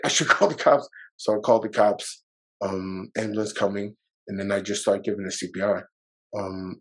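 A man's voice: low-pitched, breathy edge, rough recording. A man guest on a podcast, telling a personal story in a loose, rambling way, with fillers and swearing, emotional and at times near tears.

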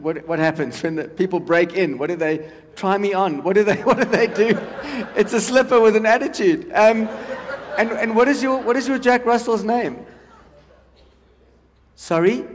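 A South African man in his forties doing a stand-up comedy set, chatty and teasing the crowd. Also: high-pitched. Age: 40s. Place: large hall on stage. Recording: long hall reverb.

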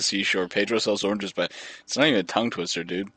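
A man's voice: fairly low pitch, fairly even intonation, quick pace, pushed and bright, slightly rough, dry recording. A man chatting casually while playing a game with friends, swearing and laughing as he jokes around. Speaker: gamer. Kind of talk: casual gaming chat with friends.

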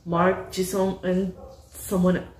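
A young woman hosting her own reaction channel, gushing excitedly and swearing freely as she reacts emotionally. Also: lowish voice, slow pace. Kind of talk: casual reaction commentary. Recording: echoey room, faint music behind.

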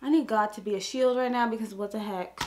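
A woman's voice: on the high side, fairly even intonation, fast talker, a little mellow. A young woman hosting a reaction video, flustered and exclamatory, often talking to herself. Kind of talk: casual reaction commentary. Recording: faint music playing behind the voice.

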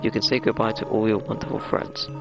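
A man voicing a kind, motherly female goat monster from a video game, speaking slowly and formally. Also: lowish voice, little pitch movement, creaky, poor audio. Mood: caring. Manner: slow, measured, formal diction. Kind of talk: voicing game dialogue aloud. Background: game music.

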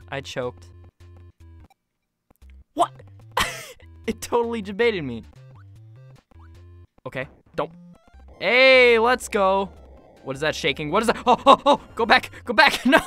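Brief: young gamer, casual commentary, animated swoops in pitch, faint music behind. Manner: excitable, yelps and laughs at sudden deaths. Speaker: gaming YouTuber. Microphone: phone mic.

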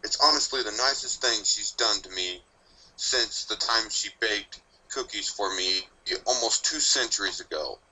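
Snippy old grim reaper dude, a guy reading it, low voice but really bright edge, deadpan and blunt. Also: measured pace, full character voice, low-quality recording. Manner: blunt, snappish, dryly sardonic. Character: grumpy ancient male Grim Reaper pony.

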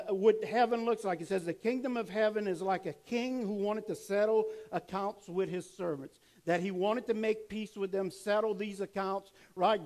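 A man's voice: high-pitched, low-quality recording. A male pastor preaching a sermon, reading scripture aloud, commenting between verses and asking the congregation questions he then answers. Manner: turns quiet and soft when telling a family story.

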